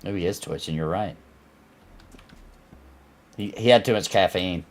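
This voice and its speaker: Low-ish guy streaming a game, chatty, laughing a lot, talking to chat. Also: measured pace. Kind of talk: live gameplay commentary.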